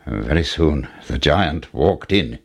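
A man reading a fairy tale aloud as a storyteller, in slow, expressive scripted storybook narration. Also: very deep voice, vocal fry.

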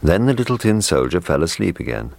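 Deep-voiced man reading a children's story. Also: fairly quick, creaky, no echo. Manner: gentle, expressive.

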